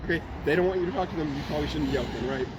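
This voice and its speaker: Young guy, counter-protester, high voice, rapid-fire and combative, shouts through loud street noise. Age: young adult. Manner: combative, profane, shouts often. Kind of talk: heated street argument.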